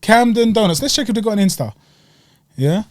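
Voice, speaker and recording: A young man with a London accent, co-hosting a podcast in casual chat and telling animated stories full of slang and acted-out quotes. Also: high-pitched, a little fast, no room sound, studio quality. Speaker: podcast co-host.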